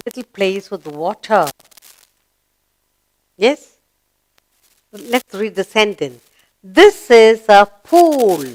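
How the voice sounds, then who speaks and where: A woman's voice: medium pitch, fairly bright tone. A woman teaching a children's grammar lesson, who asks questions and answers them herself in an encouraging teacher's voice. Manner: slow, encouraging, sing-song teacher voice.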